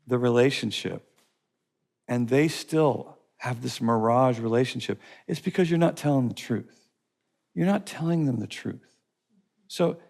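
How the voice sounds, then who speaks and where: Gravelly man teaching a class. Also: on the high side, darkish tone. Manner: emphatic, repetitive, storytelling. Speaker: teacher of a life-skills course.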